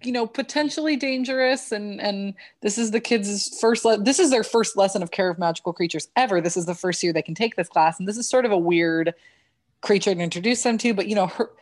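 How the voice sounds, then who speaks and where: A woman's voice: medium pitch, fairly quick. A woman co-hosting a podcast, chatting casually about a book and retelling its scenes. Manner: retells scenes, acting out quotes. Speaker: podcast co-host.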